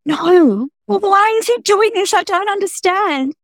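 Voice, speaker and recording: A woman's voice: very high-pitched, lively intonation, measured pace, no room sound, clean studio sound, voice pushed up. A woman reading aloud as a terrified young woman trapped in a car boot, stammering and breathless with panic. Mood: panicked.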